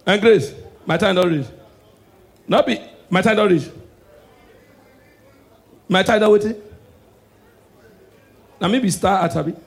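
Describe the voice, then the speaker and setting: Male stand-up comic, Nigerian Pidgin accent, high-pitched for a man; hushed sermon-style asides, shouted punchlines. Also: unhurried, gravelly, pauses often. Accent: Nigerian Pidgin English. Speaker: stand-up comedian. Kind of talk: stand-up comedy set.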